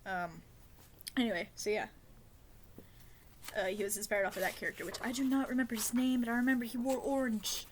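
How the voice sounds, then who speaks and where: A woman's voice: a little high, fairly even intonation, a little fast, pauses often, a little hiss or hum. A young woman chatting casually as a vlogger. She rambles, drifts off on tangents and fills her talk with slang and fillers. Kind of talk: casual chat.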